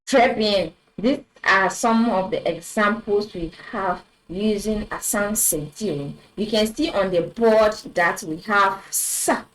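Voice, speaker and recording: Woman teaching french online, takes it real slow, says every word twice so it sticks. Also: medium pitch, low-quality recording. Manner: slow, deliberate, repeats words for clarity. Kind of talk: online language lesson.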